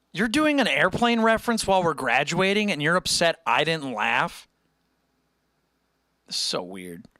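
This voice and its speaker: Young male streamer, casual, jokey, lively pitch, dry close mic. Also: no echo. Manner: rambling, joking, quick to laugh. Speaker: music livestream host. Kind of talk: casual chat with live chat.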